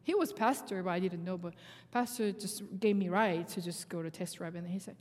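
A woman from South Korea with a Korean accent, whose first language is Korean, sharing a personal faith testimony in halting English with frequent restarts. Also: on the low side, darkish tone, long reverb tail. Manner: halting, restarts often, laughs through her story. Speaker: guest speaker sharing testimony.

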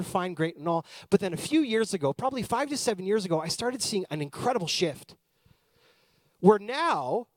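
A man in his thirties from Canada, a pastor telling a personal story in a chatty, animated sermon style. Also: high-pitched, dry recording, clean studio sound.

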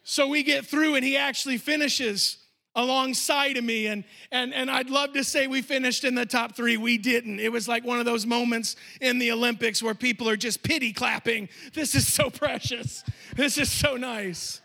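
High-voiced bright male pastor preaching. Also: steady tone, normal speed, creaky. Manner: storytelling, emphatic, addressing the congregation. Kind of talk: sermon. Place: church.

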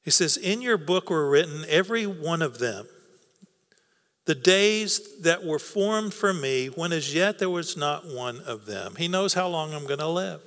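A man's voice: on the high side, expressive, a little slow, fairly bright tone. Earnest man preaching in a reverberant hall. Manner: earnest, repeats words for emphasis, coaxing. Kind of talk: sermon.

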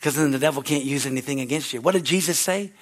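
A middle-aged man preaching a sermon as pastor, fervent and repetitive, rising to shouted exhortations. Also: on the high side, fast.

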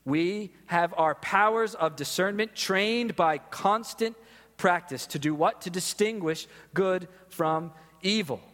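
A man's voice: sits high, a bit bright. Male pastor, emphatic sermon delivery, reverberant sanctuary sound. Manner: earnest, emphatic preaching with slowed stresses and repeated questions.

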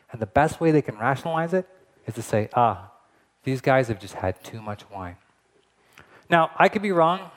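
Man preaching, lively and chatty. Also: mid-range voice. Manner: lively, conversational preaching with asides. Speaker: pastor. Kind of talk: sermon.

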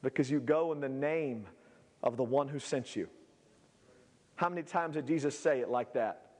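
A male pastor preaching a sermon, swinging between shouted peaks and low, quiet asides. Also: moderate pace, big-room sound.

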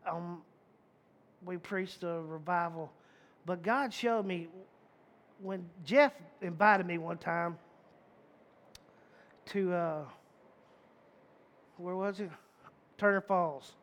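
A man preaches a casual, folksy sermon in a high-pitched voice. He talks emphatically, repeats key phrases for effect and often restarts his sentences. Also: takes it slowly, pauses often, fairly bright tone. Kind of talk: conversational sermon.

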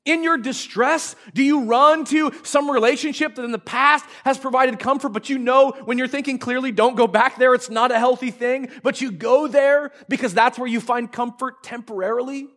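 A male pastor preaching a sermon, acting out prayers and joking asides with lively emphasis. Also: very high voice, moderate pace, hardly any pauses. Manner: animated, acts out prayers and asides with humor.

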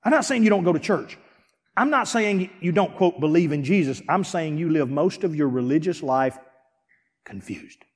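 A pastor preaching a sermon, swinging from hushed, quiet lines to near-shouted ones. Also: male voice, a little high, expressive, normal speed, husky. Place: church sanctuary. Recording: long reverb of a large hall.

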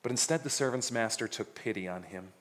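A man's voice: lowish voice, fairly quick, fairly bright tone. A man preaching a sermon, reading scripture dramatically and adding casual jokes. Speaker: pastor. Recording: reverberant hall.

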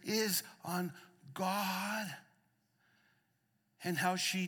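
A man preaching a sermon, shifting between soft hushed lines and raised emphatic ones, repeating phrases for emphasis, in a church. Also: high voice, takes it slowly, long pauses. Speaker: pastor. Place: church sanctuary. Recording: long reverb of a church hall.

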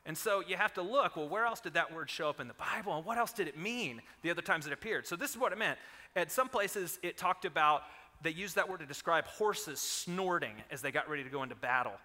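A man in his thirties preaching a sermon, telling stories with animated energy and rising loud on quoted lines. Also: a little high, a little fast, long reverb tail. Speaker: pastor.

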